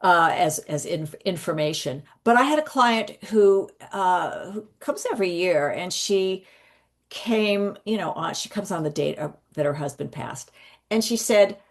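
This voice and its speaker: A woman guest, a psychic medium, telling stories in a rambling, animated way with frequent restarts. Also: on the low side, unhurried. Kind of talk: conversational storytelling.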